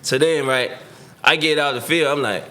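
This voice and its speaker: A man's voice: a little high, fairly quick, sharp tone. A man, a guest on a podcast, telling a story in loose, slangy casual talk and acting out the people he quotes. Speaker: podcast guest, former football player.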